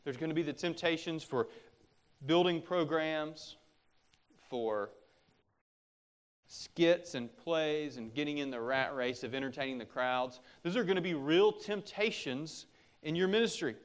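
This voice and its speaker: A middle-aged man delivers a sermon from the pulpit. His voice sits a little high for a man. He speaks earnestly and exhorts his listeners, pressing harder when he warns them. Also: a little slow. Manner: earnest, exhorting, with rising intensity on warnings. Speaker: pastor.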